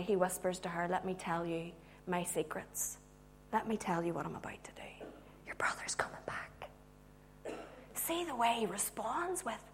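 A woman preacher giving a sermon with humorous asides, moving from loud emphasis to hushed tones. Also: a little high.

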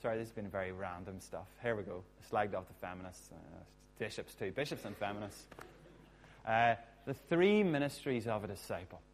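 A man preaching a sermon as a pastor, chatty and jokey with quick asides. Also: fairly low pitch, a little hiss or hum.

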